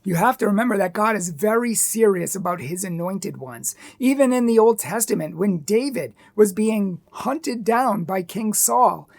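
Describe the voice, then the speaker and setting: Woman ranting earnestly, lots of rhetorical questions, bit of vocal fry. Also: medium pitch, lively intonation, moderate pace, few pauses, darkish tone. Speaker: commentator. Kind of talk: opinion commentary.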